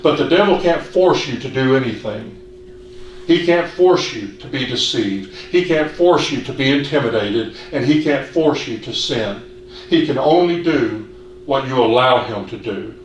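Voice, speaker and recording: A man preaching a sermon in an earnest, measured way, asking the congregation questions. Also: medium pitch, lively intonation, highs cut off. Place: church hall. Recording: echoey hall, distant mic, faint hiss.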